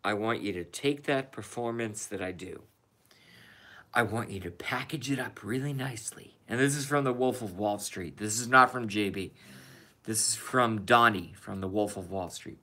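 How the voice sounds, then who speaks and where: A tired man who has stayed up all night chats casually and profanely on a live stream, rambling and talking to both his cat and his viewers. His voice is fairly low, pushed and bright, at a moderate pace.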